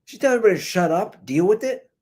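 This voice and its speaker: The recording is very noisy, made through a computer mic, as a man in his thirties rants casually on his own podcast about a viral video. His high voice is animated and racing, peppered with "dude" and "man."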